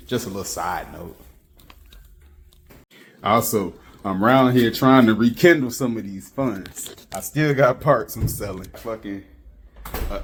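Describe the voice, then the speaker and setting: A man's voice: on the low side, a little hiss or hum. A man casually talking through a car vlog in loose slang, trailing off with fillers as he shows off his vehicle and home. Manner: laid-back slangy talk, trailing off with fillers. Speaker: car vlogger.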